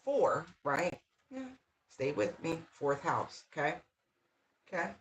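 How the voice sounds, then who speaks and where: A tarot reader giving a casual channeled reading, talking straight to the viewer with lively exclamations, repeated words and frequent "right?" checks. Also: medium pitch, takes it slowly, highs cut off, a little hiss or hum. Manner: talks straight to the viewer, often asking "right?".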